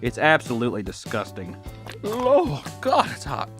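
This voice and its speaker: A man chatting casually and crudely while he draws, excitable, keeps breaking into squeaky put-on voices. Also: normal speed, soft background music. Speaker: YouTube artist and host. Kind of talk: casual commentary while drawing.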